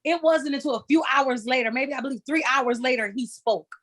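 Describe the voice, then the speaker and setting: A woman with a fairly high voice talks in a casual chat, animated and candid. She tells her story with emphasis and acts out each exchange as she goes. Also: fairly quick.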